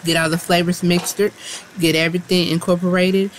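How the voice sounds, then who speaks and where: Low-voiced woman hosting a cooking video. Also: level tone, normal speed, a little hiss or hum. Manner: chatty and encouraging, talks viewers through steps. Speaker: cooking channel host. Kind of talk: casual cooking demonstration. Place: home kitchen, food frying in pan.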